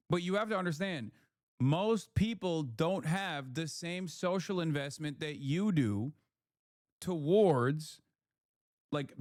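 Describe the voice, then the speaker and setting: A man's voice: on the high side, darkish tone, no room sound, studio quality. Heated, profane man ranting on stream. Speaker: livestreamer host. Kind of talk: casual political commentary.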